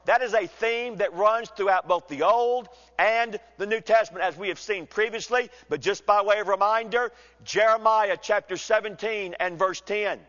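A man preaching an expository sermon, measured and emphatic, slowing down to read scripture. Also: sits high, fairly bright tone. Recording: dull sound with long hall reverb.

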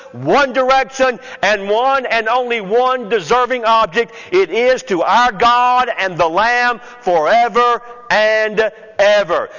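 A man preaching a sermon, working slowly and deliberately through the text point by point. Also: high voice, fairly bright tone. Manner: slow, deliberate expository preaching with counted points. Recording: muffled sound with long hall reverb.

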